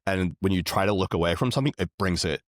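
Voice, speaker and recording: Male guest, very low voice, earnest, filler-heavy, dry close mic. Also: fast talker, no echo. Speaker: podcast guest. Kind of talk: casual conversation.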